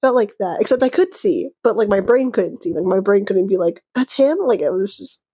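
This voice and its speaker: Husky, excitable woman vlogger. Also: medium pitch, a little fast. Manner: rambling and excitable, full of fillers and giggles. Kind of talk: casual storytime chat.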